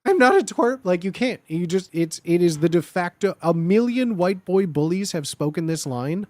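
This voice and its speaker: A man's voice: high voice, animated, moderate pace, a little mellow, no room sound. A young man hosting a comedic tier-list show, riffing mock-seriously on catchphrases and repeating them in put-on voices. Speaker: host ranking phrases.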